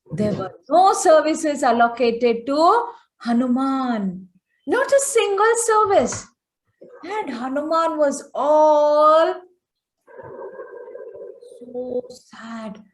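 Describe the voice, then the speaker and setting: A woman telling a devotional story to children on a video call, chatty and animated, full of fillers and coaxing questions to her listeners. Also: high voice. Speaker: storyteller teaching children online.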